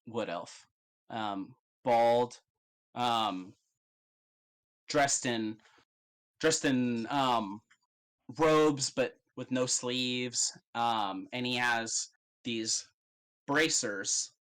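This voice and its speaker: A man's voice: medium pitch, fairly bright tone, low-quality recording. A man narrating as game master in a casual, rambling way with many fillers.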